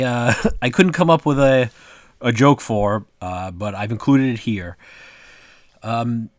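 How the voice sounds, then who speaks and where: A man's voice: medium pitch, no echo. Rambling man with a dry close sound. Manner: rambling, full of "like" and "uh" fillers. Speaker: cartoonist presenting his own work. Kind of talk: casual vlog commentary.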